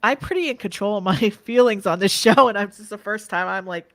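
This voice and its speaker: A woman's voice: mid-range voice, fairly quick, hardly any pauses, fairly bright tone, dry recording. Woman host, casual chat, lots of ums and likes, dry close sound. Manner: chatty and open, many fillers, asks long questions. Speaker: podcast host.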